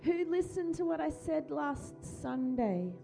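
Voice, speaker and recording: A woman pastor, speaking gently and encouragingly, often repeating her phrases, during a church service and children's talk. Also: high voice, animated, unhurried, creaky, soft background music. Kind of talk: worship prayer and children's talk. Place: church hall. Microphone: handheld microphone.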